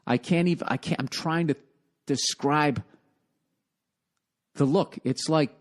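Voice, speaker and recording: A man's voice: fairly high pitch, slow pace. A man in his forties from the United States, a comedian hosting his own podcast, telling a rambling story in a profane, exasperated way. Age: 40s.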